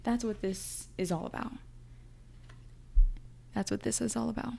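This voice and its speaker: A woman's voice: mid-range voice, fairly even intonation, unhurried, gravelly, warm tone. A young woman giving a casual, chatty tarot reading, talking through her intuitions in an emotional, thinking-aloud way. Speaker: tarot reader.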